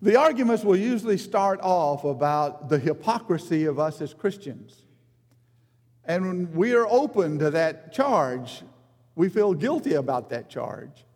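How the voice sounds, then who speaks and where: A man delivers an earnest sermon in a somewhat high but mellow voice. He climbs in pitch to stress a point, then sinks low and soft. His words ring out with a long hall reverb. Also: sing-song, unhurried. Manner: earnest, rises in emphasis then drops low and quiet. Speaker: preacher.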